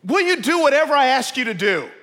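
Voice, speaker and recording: A man voicing God as a voice from heaven, speaking loudly in a booming, commanding way. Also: big pitch swings, fast talker, big-room sound, exaggerated voice. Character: God as a voice from heaven, male, calm.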